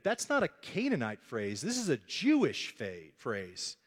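A man's voice: on the high side, wildly swooping pitch, normal speed, hardly any pauses, big-room sound. A male pastor preaching a sermon, telling the story with animation and acting out the voices of the people in it.

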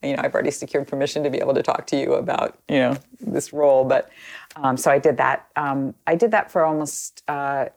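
Interview guest: woman with a deep, fry-tinged voice, relaxed and chatty, full of fillers. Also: brisk. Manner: chatty, many ums, quotes others in lively asides. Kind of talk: casual storytelling.

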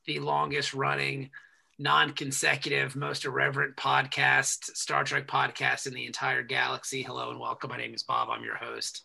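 A man's voice: medium pitch, monotone, normal speed, gravelly, sharp tone, husky. A man hosting a podcast, chatting casually and irreverently and swearing freely. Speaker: podcast host. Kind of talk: casual chat.

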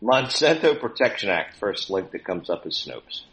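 A man's voice: fairly low pitch, very animated, moderate pace, fairly bright tone. A man on a podcast as a guest, cracking wry jokes and laughing often in casual chat.

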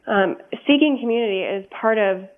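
A woman's voice: mid-range voice, normal speed. A woman guest in a radio interview who speaks in an earnest, candid way and often says "um". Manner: earnest, candid, frequent ums. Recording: phone-like narrow sound.

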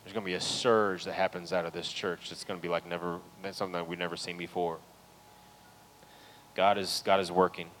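A man preaching a sermon as pastor in a church, talking earnestly to the congregation and building to loud, pleading peaks. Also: low-pitched, flat delivery, brisk, slight background noise, low-quality recording. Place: church sanctuary.

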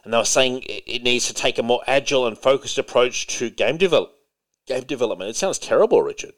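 A man's voice: medium pitch, lively intonation, fast, a bit bright. A man hosting a casual podcast chat, who laughs a lot and reads out news items with casual swearing. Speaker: podcast host.

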